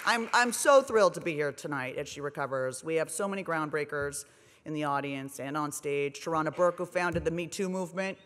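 A woman in her forties giving a comedic speech at a gala, wry and self-deprecating, with lively delivery. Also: sits low, a little fast, big-room sound, crowd noise, noisy background. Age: 40s. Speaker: speaker. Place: large hotel ballroom on stage.

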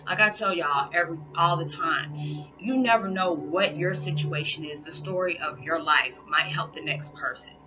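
A woman's voice: low voice, moderate pace, hardly any pauses. A woman vlogger talking earnestly to her viewers, encouraging and spiritual, often saying y'all. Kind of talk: heartfelt casual talk to viewers. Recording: dull lo-fi sound with music behind.

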